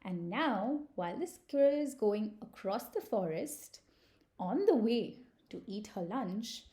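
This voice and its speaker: A woman telling a picture-book story to young children at a slow, gentle pace. Her voice is mellow and soft-edged. She sometimes restarts a sentence as she goes. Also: medium pitch. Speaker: preschool storyteller.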